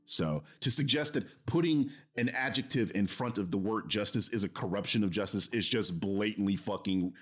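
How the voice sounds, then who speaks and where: A man's voice: fairly low pitch, normal speed, few pauses, breathy edge, soft background music. A man streaming, reacting to a video in heated casual commentary, swearing and mocking with an exasperated tone. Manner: profane, exasperated, mocking laughs.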